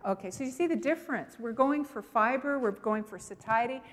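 Woman seminar presenter, emphatic and animated, long hall reverb. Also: fairly high pitch, brisk. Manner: emphatic, animated, talks to the audience directly. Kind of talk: lively teaching with personal stories.

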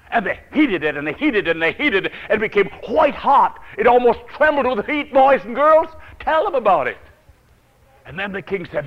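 A male preacher telling a Bible story in a dramatic sermon, swinging from loud to hushed and chuckling often. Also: high voice, very animated, moderate pace, dull audio.

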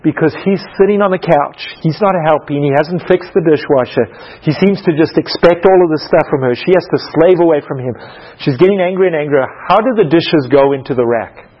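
A man's voice: fairly high pitch, a little fast, husky, muffled recording. A man teaching a Bible lesson like a sermon, telling stories and asking the audience questions. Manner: animated storytelling, asks the audience questions. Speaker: preacher teaching a class.

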